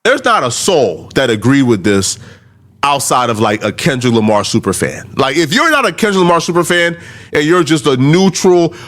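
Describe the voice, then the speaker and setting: A man giving commentary, laying out his point step by step in an animated way. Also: medium pitch, moderate pace. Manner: animated, explains step by step, breaks into laughter. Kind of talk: explanatory commentary.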